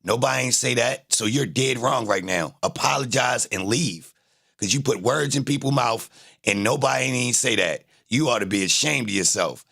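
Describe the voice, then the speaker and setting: A man's voice: medium pitch, normal speed, gravelly, pushed and bright, breathy edge. A man livestreaming, arguing with his chat in a confrontational, taunting way and repeating his jabs. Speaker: livestreamer reacting to trial footage. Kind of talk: casual live-stream commentary, arguing with chat.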